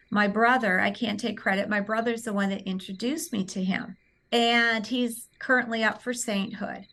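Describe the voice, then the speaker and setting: A woman guest telling a personal story in an earnest, lively way, with many "you know"s. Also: mid-range voice.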